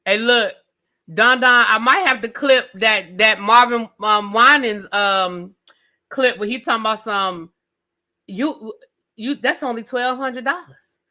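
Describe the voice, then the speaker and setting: A woman's voice: a little high, unhurried. Sassy woman ranting live to her chat. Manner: sassy, talks straight to chat with "y'all" and "baby"; animated, repeats questions for emphasis. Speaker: host of a live review stream. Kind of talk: live casual rant.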